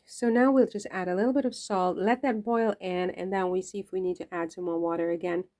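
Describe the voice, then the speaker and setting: A cooking vlogger chats playfully to the camera while making food in her home kitchen, rambling and laughing at her own jokes. Her voice is on the low side, a little mellow and a little fast, with fairly even intonation.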